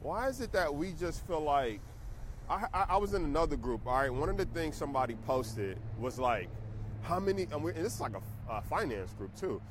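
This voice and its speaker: A man's voice: fairly high pitch, animated, fairly quick, a little hiss or hum. A middle-aged man, a stock trading teacher, ranting casually and emphatically to his viewers. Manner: emphatic, preachy, conversational. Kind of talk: casual rant to camera.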